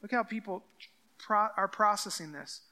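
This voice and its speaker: A man preaching a casual, expository sermon, with a notably high and bright voice. He reads the scripture passages aloud and acts out the lines of the people in them. He speaks to the congregation as if in everyday conversation. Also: normal speed. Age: adult with children. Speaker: pastor.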